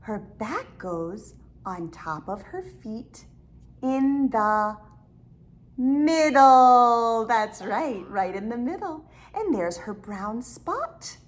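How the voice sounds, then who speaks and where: Sing-song woman teaching toddlers, slow. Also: a little high, sing-song. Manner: sing-song, exaggerated gasps, slow, drawn-out words for little kids. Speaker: speech-language pathologist teaching toddlers. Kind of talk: toddler speech lesson over an app game.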